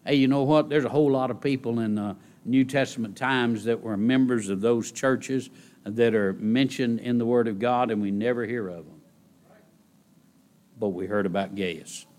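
A middle-aged man preaching with a voice of ordinary pitch for a man. He repeats key phrases and swings between loud, rising bursts and quiet, low asides. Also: normal speed. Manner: animated preaching with sudden loud rises and soft drops. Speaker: pastor. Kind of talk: sermon.

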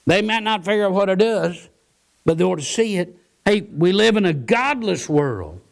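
A man's voice: high-pitched, animated, normal speed, gravelly. A man preaching a sermon, earnest and given to repeating his words. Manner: earnest, repeats words, quotes scripture and hymns.

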